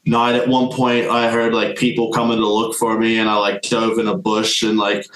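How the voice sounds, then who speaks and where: A man's voice: fairly low pitch, completely flat delivery, moderate pace, fairly bright tone. A young man, a podcast guest, telling a long story in casual chat, rambling with many fillers. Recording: echoey room, faint music.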